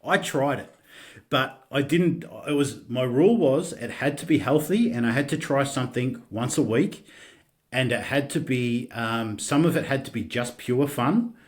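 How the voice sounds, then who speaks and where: A middle-aged Australian man shares his story as a podcast guest, at a pitch typical for a man. He talks in a halting, candid way, restarting sentences and swearing now and then.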